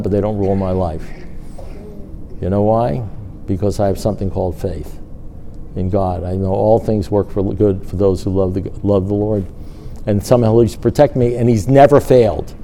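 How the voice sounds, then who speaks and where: An older man shares his recovery story at a meeting. His voice is mellow, and he acts out past conversations with lively storytelling. Faint hiss sits under the recording. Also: mid-range voice. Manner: storytelling, animated, acts out dialogue. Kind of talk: personal testimony talk.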